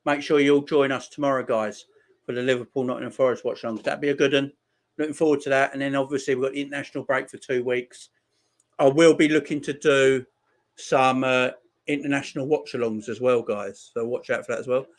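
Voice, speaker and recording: A man hosting a live football watchalong, chatting casually, reading out viewer messages and repeating his shout-outs. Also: mid-range voice, steady tone, fairly quick. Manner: rambling, repeats phrases. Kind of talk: casual live-stream chat.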